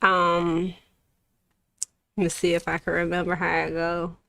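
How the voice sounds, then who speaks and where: A young adult woman from Florida, a recording artist telling her story in a relaxed, casual interview, laughing often and swearing freely. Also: lowish voice, unhurried, creaky.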